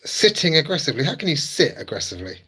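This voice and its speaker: A man's voice: on the high side, sing-song, quick pace, bright, forceful tone, husky, poor audio. A man chatting casually with his live-stream viewers, laughing often and teasing them.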